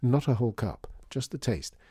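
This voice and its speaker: A man voicing a cheerful, smooth-talking, disgraced male former store owner who speaks low and unhurried. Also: expressive, dark tone, dry recording, studio quality. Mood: relishing.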